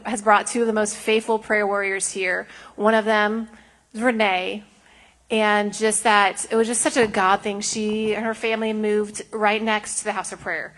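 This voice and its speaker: A woman's voice: mid-range voice, a bit bright. Earnest woman sharing church testimonies. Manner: earnest, rambling with many fillers. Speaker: house of prayer leader.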